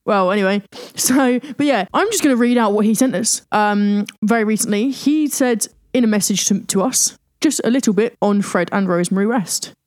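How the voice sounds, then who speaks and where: A woman co-hosting a podcast, relaxed and blunt, with sweary reactions. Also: mid-range voice, moderate pace, few pauses, no room sound, studio quality. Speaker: podcast co-host. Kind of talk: casual chat.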